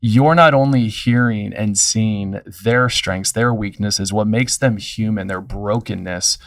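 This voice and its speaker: A man's voice: on the low side, a little slow, dry recording, far from the mic. A man in his thirties, a pastor, telling stories in an earnest, reflective way in a casual conversation. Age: 30s.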